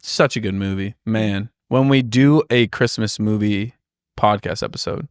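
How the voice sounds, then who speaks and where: A man's voice: on the low side, measured pace, smooth, no echo, studio quality. A man co-hosting a casual podcast, rambling and laughing easily. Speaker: podcast co-host. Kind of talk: casual chat.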